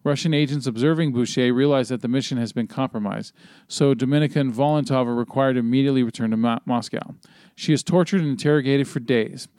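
A man's voice: mid-range voice, quick pace, darkish tone, smooth, no room sound, clean studio sound. A man hosting a podcast, recapping a film plot in a loose, rambling way, full of fillers and casual swearing. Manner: rambling with many ums and swearing, reading a plot summary. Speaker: podcast host.

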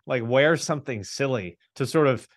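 A man hosting a podcast in casual chat, relaxed with wry deadpan jokes. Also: mid-range voice, moderate pace, no echo, studio quality. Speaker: podcast host.

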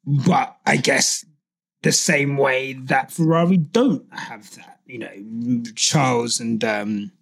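A woman co-hosting a casual podcast, animated and swearing freely as she rants. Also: very deep voice, takes it slowly, creaky, slightly rough. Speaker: podcast co-host.

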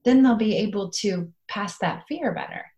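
A woman's voice: medium pitch, animated, moderate pace, darkish tone, highs cut off. A middle-aged woman co-hosting a parenting podcast, talking in an earnest, encouraging way and now and then acting out playful scenes. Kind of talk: casual advice chat.

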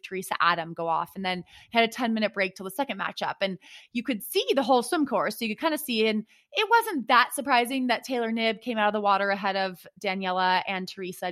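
Animated woman telling a story. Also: mid-range voice. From United States. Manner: rambling, animated storytelling with many fillers. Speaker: podcast co-host and triathlete. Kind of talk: casual chat.

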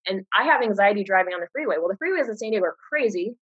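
A woman's voice: medium pitch, very fast, husky, no echo. A woman in her thirties speaking as a guest, telling her story in an earnest, open, conversational way. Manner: earnest, open, animated when quoting others. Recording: muffled dry lo-fi sound.

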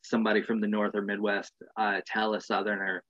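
A man's voice: fairly low pitch, little pitch movement, fairly quick, fairly bright tone. Laid-back male podcast host, muffled. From United States. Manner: laid-back, rambling, swears casually. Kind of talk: casual interview.

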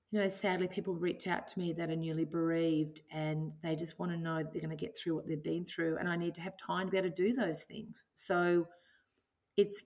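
A middle-aged woman speaking as an interview guest, earnest and enthusiastic, reflecting on her business and her life. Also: fairly low pitch. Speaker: guest, business owner and author. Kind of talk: podcast interview.

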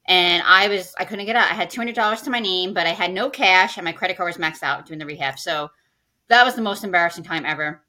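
A woman's voice: fairly low pitch, quick pace, bright, forceful tone. A woman who works as a financial planner, a podcast guest telling a personal story in casual conversation and acting out her own past lines.

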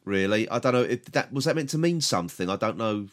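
A man's voice: lowish voice, expressive, fast talker. A British man co-hosting a podcast, casually reviewing an episode, hesitant and full of repeated words and grumbles. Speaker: podcast co-host.

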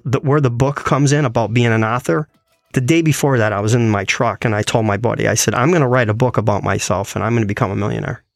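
A man's voice: medium pitch, creaky, dry recording, clean studio sound. A man casually telling a personal story and acting out what others said in it. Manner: animated, quoting others in his retelling.

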